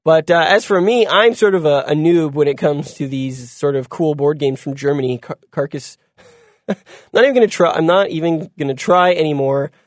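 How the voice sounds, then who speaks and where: A man's voice: on the high side, normal speed, no room sound, clean studio sound. A man hosting a casual gaming show, rambling with lots of ums and restarts and chuckling when he stumbles over words. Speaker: gaming podcast host. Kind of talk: casual chat.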